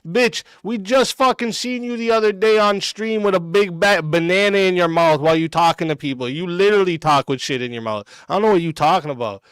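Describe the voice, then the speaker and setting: A man's voice: high-pitched, brisk, few pauses, fairly bright tone, clear, resonant tone, no echo. A man streaming a reaction and ranting back at a clip, aggressive and mocking, cursing constantly. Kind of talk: profane reaction rant.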